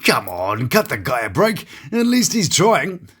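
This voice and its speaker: A British man with a husky, slightly raised voice that swoops up and down, cracking sarcastic jokes through a scripted reality TV review. He talks in a mock-theatrical way, and faint music plays under his voice. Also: on the high side, huge pitch swings, unhurried, a bit bright. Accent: British English. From Britain. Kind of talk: comedic scripted commentary.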